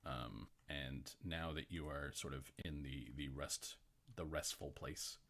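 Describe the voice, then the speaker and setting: A man's voice: very deep voice, fairly even intonation, takes it slowly, fairly bright tone. A man running a tabletop game as game master, chatty and rambling, laughing often.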